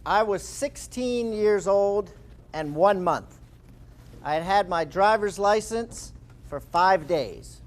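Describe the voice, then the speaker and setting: A man in his fifties giving a motivational talk to a live audience, telling a story with lively, acted-out quotes. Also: high voice, takes it slowly, a little hiss or hum. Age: 50s. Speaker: speaker. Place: live presentation room.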